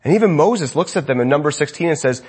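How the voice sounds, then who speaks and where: Husky guy preaching a sermon, voice jumps all over, goes loud then drops real quiet. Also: a little high, fast talker. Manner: animated preaching, swinging from loud emphasis to quiet asides. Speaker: pastor.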